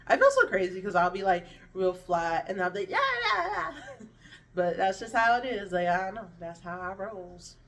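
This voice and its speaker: A woman's voice: fairly low pitch, big pitch swings, moderate pace, fairly bright tone, distant mic. A woman speaking candidly to camera, her thoughts meandering and often trailing off before she restarts them. Her speech is a little slurred from hunger, with frequent swearing, and she sits somewhat back from the microphone. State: hungry, slurring words a little. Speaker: vlogger. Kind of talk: candid personal storytelling to camera.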